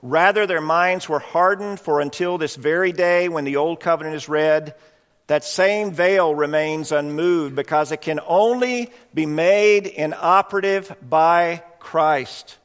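High-voiced male preacher in a reverberant hall. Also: measured pace. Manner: earnest, explanatory. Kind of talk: sermon.

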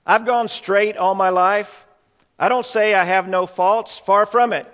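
An indignant ghost of a common man, loud and self-righteous, demanding what he thinks he is owed, as a preacher puts him on. The voice sits high and pushes hard against a long hall reverb. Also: steady tone, measured pace. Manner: insistent, repeats "see?".

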